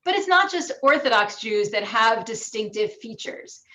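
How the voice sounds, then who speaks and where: An American woman with some New York vowels giving an academic lecture with slides, explaining clearly and demonstrating pronunciations aloud. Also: fairly high pitch, expressive, normal speed, pushed and bright. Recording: dull lo-fi recording.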